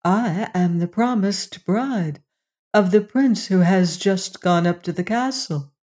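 A storyteller voicing a gentle, trusting young princess with a calm, unhurried manner. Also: mid-range voice, close to an everyday voice.

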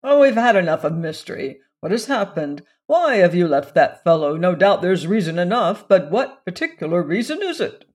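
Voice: mid-range voice, big pitch swings, moderate pace, hardly any pauses. A narrator voicing a testy, sly older uncle who enjoys taking charge of the family. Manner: testy, self-satisfied.

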